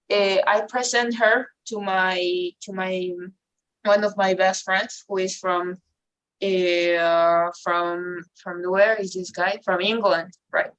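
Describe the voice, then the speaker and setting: A woman teaching an English class online, talking slowly with many fillers and restarts. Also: medium pitch, a bit bright, low-quality recording. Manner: slow, hesitant, non-native English with many fillers.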